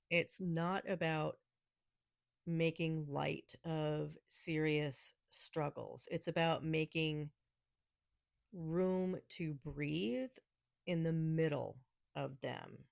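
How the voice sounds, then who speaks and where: A woman's voice: low-pitched, steady tone, takes it slowly, vocal fry, no echo, clean studio sound. A woman with a New York accent hosting a casual solo podcast, talking with snarky, sarcastic humor and laughing often. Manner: laughs often between remarks. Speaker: podcast host.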